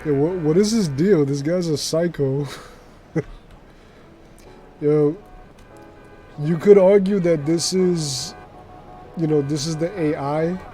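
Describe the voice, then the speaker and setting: Chatty New streamer, mellow voice. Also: male voice, a little high, takes it slowly, long pauses, soft background music. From New York City. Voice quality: chatty and animated, heavy use of filler words. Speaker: game streamer. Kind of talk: casual live-stream commentary.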